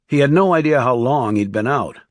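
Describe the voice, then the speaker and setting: A man reading a crime thriller audiobook aloud in a low, hushed storytelling delivery. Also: expressive, fairly quick, no echo, clean studio sound. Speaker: audiobook narrator. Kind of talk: scripted narration.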